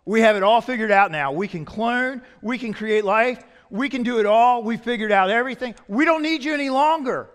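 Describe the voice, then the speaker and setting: A man's voice: very high voice, expressive, fairly quick, few pauses, fairly bright tone, pitched above the performer's own voice. A man voicing a smug, boastful atheist scientist in a sermon joke, his delivery rising and emphatic.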